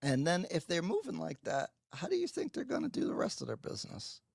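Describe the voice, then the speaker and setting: A man hosting a livestream with a gravelly, slightly husky voice. He talks casually and mocks himself as he chats with viewers, his pitch jumping around a lot. The sound is dry and close to the mic. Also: wildly swooping pitch, fairly quick, no echo. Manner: chatty, self-mocking, talks to chat. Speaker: livestream host. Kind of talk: casual live stream chat. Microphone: headphones with mic.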